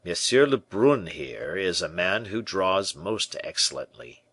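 A man voicing a suave, scheming churchman who speaks in soft, honeyed tones. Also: low voice, very animated, a little slow, breathy edge, no room sound, full character voice.

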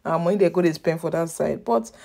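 A woman's voice: on the low side, fast, gravelly, mellow. A woman from Nigeria with a Nigerian accent, giving casual reaction commentary on her channel, chatty, slipping between Pidgin and English and talking straight to her viewers. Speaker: commentary vlogger.

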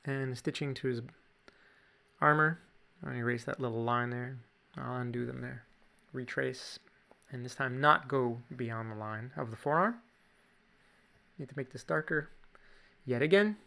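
A man's voice: medium pitch, a little slow, creaky, sharp tone. A man with a Canadian accent, chatting casually through a drawing tutorial with jokey asides. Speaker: drawing teacher.

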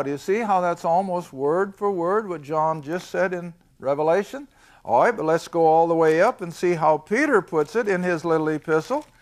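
Slow, high-voiced older man teaching scripture. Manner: emphatic, asks the class questions and answers them himself; reads scripture slowly, then explains it. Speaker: Bible teacher. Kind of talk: Bible lesson to a class.

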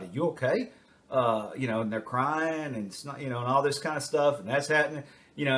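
A man's voice: mid-range voice, a bit bright. An older man, a retired teacher and school administrator, giving casual advice in a rambling way with many fillers as he works through numbered points. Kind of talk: casual advice talk to camera.

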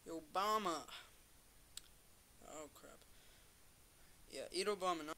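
A man narrating his own play in a loose, joking way, taunting rivals and yelping strings of short protests when he is caught. His voice sits fairly high and sounds bright and edged, and his words come out slowly. The talk stays casual throughout. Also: a little hiss or hum. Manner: playful trash talk, excited repeated cries. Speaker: gamer commentator. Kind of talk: casual gameplay commentary.

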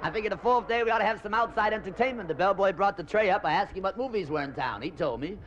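A man doing a stand-up comedy routine, rambling through bawdy jokes and quick voice changes. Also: high voice, expressive, a bit bright. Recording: dull lo-fi old comedy record with faint hiss.

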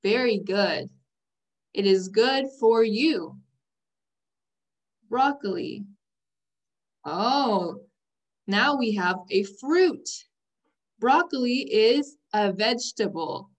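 Slow, careful woman teaching vocabulary. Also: mid-range voice, lively intonation. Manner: very slow, drawn-out words, repeats each word for the class; stresses sounds one by one. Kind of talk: slow, clear vocabulary lesson for young learners.

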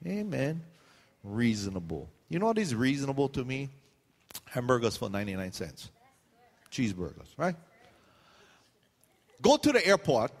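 A man's voice: mid-range voice, long reverb tail. A middle-aged male pastor preaching a sermon, telling stories and acting out the voices of the people in them. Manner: storytelling with quoted voices and pidgin asides.

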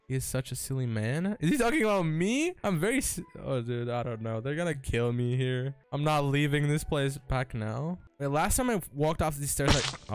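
A man commentating his own gameplay, excitable and nervous, laughing and stammering through restarts. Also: fairly high pitch, smooth. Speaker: gaming YouTuber. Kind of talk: let's-play commentary.

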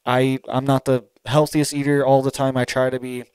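A man's voice: mid-range voice, little pitch movement, moderate pace, darkish tone, smooth, no room sound, low-quality recording. A man giving solo commentary to camera, urgent and emphatic, who keeps checking in with his listener. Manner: urgent, emphatic, keeps asking "all right?". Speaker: online commentator.

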